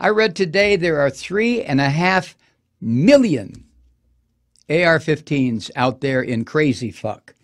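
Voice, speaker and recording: A male talk radio host rants in a high, swooping voice that climbs and falls sharply. He speaks with sarcasm and bitter passion and swears freely. His monologue sounds like political talk radio. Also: expressive, slow pace. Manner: impassioned, profane, sarcastic ranting.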